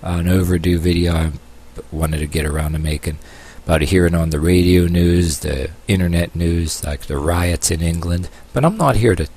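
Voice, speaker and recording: A man with a very low, rumbling voice talks to his camera in a loose, rambling monologue. He stops and restarts often, fills the gaps with "uh," and slips in sarcastic remarks as he goes. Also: darkish tone, slightly rough. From United States. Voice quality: long-haired, calls himself a hippie. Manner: halting, many uh fillers and restarts, sarcastic asides. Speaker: vlogger.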